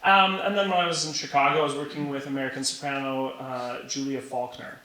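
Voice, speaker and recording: A young man from Canada, an opera singer, telling stories in an animated interview manner. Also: mid-range voice, a little fast. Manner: animated storyteller who laughs while telling anecdotes. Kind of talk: conversational interview. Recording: echoey room with faint hiss.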